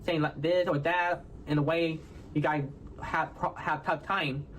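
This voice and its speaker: Brief: Texan guy, higher-pitched voice, mushy hard-to-follow diction, tags "all right, y'all?" onto everything. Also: fairly even intonation, fairly bright tone, slight background noise. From Houston, Texas. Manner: halting, ends nearly every phrase with "all right, y'all?". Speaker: content creator in a played clip. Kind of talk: casual self-explaining talk to viewers.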